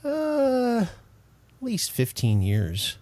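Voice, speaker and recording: A man co-hosting a podcast, chatting casually in an animated, emphatic way and laughing often. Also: very high voice, drawn-out words, dry recording. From Detroit. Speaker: podcast co-host. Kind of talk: casual chat.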